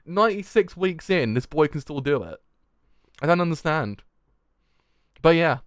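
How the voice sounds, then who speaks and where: A young man hosting a live manga reaction and review, excitable, swearing freely and laughing often. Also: a little high, moderate pace, long pauses, no echo, clean studio sound. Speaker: manga reaction channel host.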